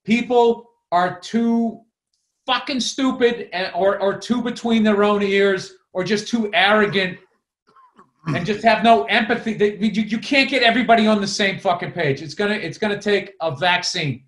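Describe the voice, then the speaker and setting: A man's voice: high voice, moderate pace, a bit bright. A man co-hosting a podcast, ranting in profane, casual chat. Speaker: podcast co-host. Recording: roomy echo.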